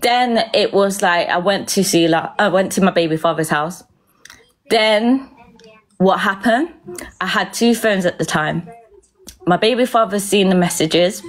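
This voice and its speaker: A woman's voice: mid-range voice, measured pace. A young woman telling a personal story in a rambling, casual way, swearing often and filling gaps with "um" and "like". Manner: rambling, heavy swearing, frequent fillers. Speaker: vlogger.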